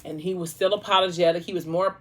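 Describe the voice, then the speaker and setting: A woman's voice: fairly low pitch, steady tone, fast. A woman vlogger casually retelling a novel's plot while eating, rambling and full of fillers. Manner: rambling, heavy use of "like" and "you know".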